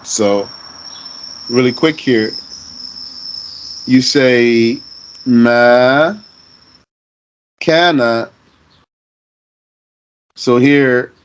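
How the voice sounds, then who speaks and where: A man teaching Arabic grammar, explaining deliberately and asking himself rhetorical questions. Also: medium pitch. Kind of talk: recorded grammar lesson.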